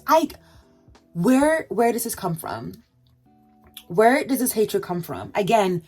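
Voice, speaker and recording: A woman venting in a vlog while doing her makeup, firing off rhetorical questions with sharp jumps in pitch. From Canada. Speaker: vlogger.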